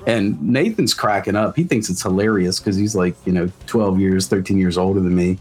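A man's voice: deep voice, moderate pace, a little mellow, breathy edge. A man from the South, a musician telling stories in casual chat, rambling and full of fillers. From South Mississippi. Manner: rambling, many "like" fillers, swears freely. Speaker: musician guest.

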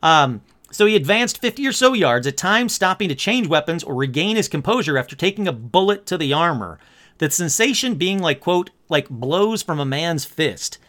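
Animated man with jokey asides. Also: sits high. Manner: jokey, chatty asides and wry comments. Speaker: narrator. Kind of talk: casual storytelling with read-out passages.

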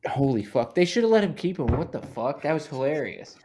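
Excitable swearing male podcast guest. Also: a little high, a little fast. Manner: loud, excitable, swears constantly. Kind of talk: casual chat.

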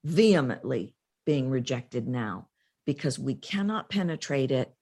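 Low-voiced, emphatic woman voice coach. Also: expressive, unhurried, dark tone, breathy edge. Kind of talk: podcast interview guest.

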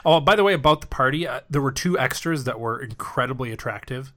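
A man's voice: medium pitch, fast talker, sharp tone. A man co-hosting a podcast, laid-back and jokey, swearing casually as he retells a film. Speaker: podcast co-host. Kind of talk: casual chat recapping a film.

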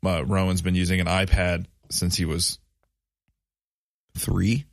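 Gravelly deep-voiced man, rambling podcast chat. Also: flat delivery, measured pace, no room sound, studio quality. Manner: rambling, lots of fillers and restarts. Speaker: podcast co-host. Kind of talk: casual chat.

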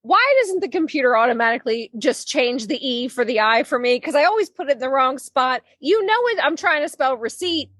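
A woman's voice: high-pitched, animated, a little fast, few pauses, fairly bright tone, dry recording, clean studio sound. A woman co-hosting a podcast in casual chat, venting in an exasperated, profane way. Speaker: podcast co-host. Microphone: podcast microphone.

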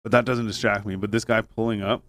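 A man's voice: fairly low pitch, level tone, fairly bright tone. A man chatting casually on a podcast, telling rambling, profane stories and acting out what others said. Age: adult with a son. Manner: fast, rambling, swears a lot, acts out voices in anecdotes. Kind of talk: casual chat, storytelling.

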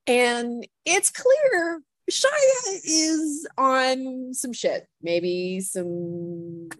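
A woman guest on a podcast telling a story in casual chat, animated and full of "like" fillers, acting out what people said. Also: high-pitched, extremely slow, no room sound. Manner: animated storyteller, heavy "like" fillers, acts out quotes.

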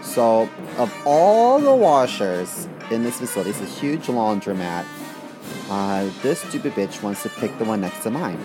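A man co-hosting a casual podcast, telling a story bluntly and crudely, with a lively, swooping voice. Guitar music is clearly audible behind him. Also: lowish voice, unhurried. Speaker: podcast co-host.

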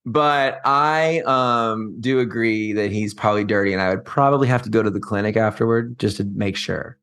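A man's voice: lowish voice, moderate pace, fairly bright tone, smooth. Gossipy, campy man co-hosting a chat. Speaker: podcast co-host. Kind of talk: casual chat.

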